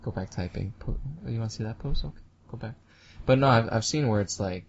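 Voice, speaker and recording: A woman co-hosting a podcast, chatting casually and rambling, now and then mocking people in squeaky put-on voices. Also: fast talker. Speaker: podcast co-host. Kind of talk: casual stoner chat. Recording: dull lo-fi sound.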